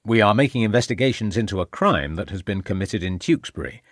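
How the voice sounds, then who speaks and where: A man's voice: lowish voice, animated, fast talker, no echo, clean studio sound. A man voicing a determined Victorian police inspector who questions people formally and urgently.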